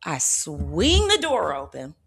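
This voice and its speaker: A woman host telling a personal story with lively expression, often checking in with her listeners. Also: low voice, takes it slowly, gravelly, husky. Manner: expressive, checks in with "okay?" and "right?", acts out her own reactions. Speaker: spiritual channel host.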